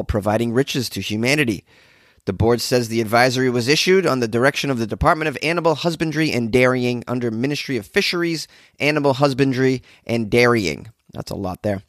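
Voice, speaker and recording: A hungover man hosting a podcast, reading odd news stories with rambling, sarcastic commentary and low energy. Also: no room sound, studio quality. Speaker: podcast host.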